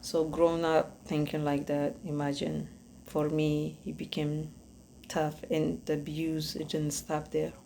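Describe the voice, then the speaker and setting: Faint noise underlies the low, steady, fry-tinged voice of an Ethiopian woman speaking with an Ethiopian accent. She is a podcast host giving earnest testimony about her life, halting and hunting for words as she goes.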